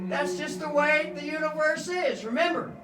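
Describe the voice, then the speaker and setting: A man's voice: extremely high pitch, fairly even intonation, normal speed. A man in a rambling, profane, free-associating spiritual monologue. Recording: echoey room, far from mic, guitar music.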